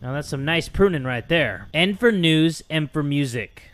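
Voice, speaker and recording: A man giving comedic let's-play commentary, excitable and swearing, with loud outbursts. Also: a little high, moderate pace. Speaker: gaming video host.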